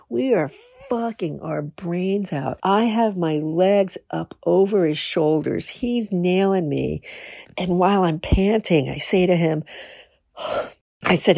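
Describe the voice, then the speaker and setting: A woman podcast host with a gravelly, slightly low voice, telling frank and bawdy stories at an unhurried pace. The sound is close and dry. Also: dark tone, no room sound. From New Jersey. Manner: frank, bawdy storytelling with laughs. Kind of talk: casual storytelling.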